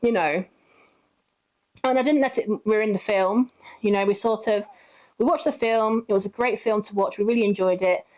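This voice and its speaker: A woman's voice: mid-range voice, normal speed, darkish tone. A young woman telling a long personal story in a rambling, casual way, acting out the quotes. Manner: rambling, with many fillers and acted quotes. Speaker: vlogger. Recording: dull lo-fi recording.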